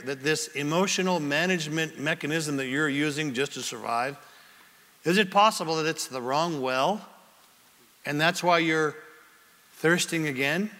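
A pastor with a high, bright voice preaches a sermon to a congregation in a church sanctuary, full of lively, theatrical energy. He acts out little scenes, slipping into quick character voices to make his points. A long reverb from the large hall carries his sound.

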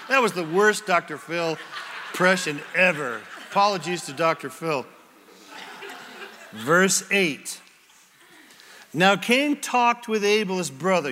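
A man preaching a sermon as pastor, with an animated, dramatic delivery and many questions put to the congregation. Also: fairly high pitch, in a large hall. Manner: asks the congregation rhetorical questions.

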